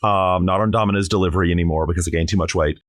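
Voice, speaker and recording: Playful man, low dry voice. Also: steady tone, rapid-fire, no echo. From South Carolina. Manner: playful, theatrical, jokey. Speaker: drag performer guest. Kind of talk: casual podcast chat.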